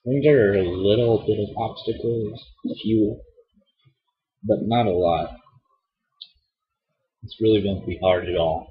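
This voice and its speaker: A man's voice: fairly low pitch, unhurried, pauses often. A young man from Illinois giving rambling, casual commentary as he plays a video game, swearing and groaning at his mistakes. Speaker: let's play host. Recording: dull lo-fi mic.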